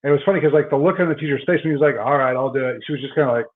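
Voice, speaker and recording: A man's voice: on the high side, rapid-fire. A middle-aged man, a guest chiropractor, telling stories in a casual podcast conversation and often restarting his words. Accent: Texan. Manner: storytelling, many repeated word starts. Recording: tinny phone-like line.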